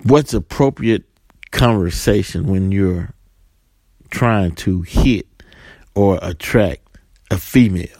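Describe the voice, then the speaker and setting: A man's voice: low voice, slow pace, pauses often, darkish tone, dry recording. A man talking casually to camera, making points with rhetorical "right?" and acting out little scenes, with some fillers and repeated words. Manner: storytelling, playing out dialogue in different voices. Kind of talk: casual monologue with acted-out scenes.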